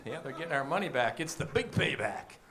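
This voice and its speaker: High-voiced stand-up comedian man. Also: brisk, crowd noise. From Michigan, Detroit area. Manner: deadpan one-liners with wry asides.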